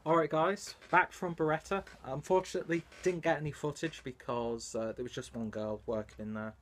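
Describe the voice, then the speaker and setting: A man's voice: on the high side, fairly even intonation, a little fast, fairly bright tone. A young man, chatting casually in a home vlog, rambling, self-mocking and swearing freely. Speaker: beer vlogger. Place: home, indoors and in a basement.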